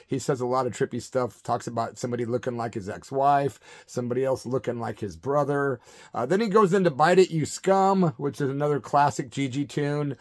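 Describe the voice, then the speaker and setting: A middle-aged man hosting his channel, telling a story in an animated, hyper way and acting out the quotes. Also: mid-range voice, brisk. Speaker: channel host. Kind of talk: storytelling monologue.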